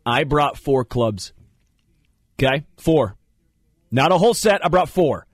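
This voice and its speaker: A man in casual studio banter, spinning rambling, animated stories as the show's host. His voice sits a touch high. The sound is dry and close, with no room around it. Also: unhurried, no echo. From Kansas City area. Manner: rambling, animated storyteller who jumps into funny voices. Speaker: radio show host.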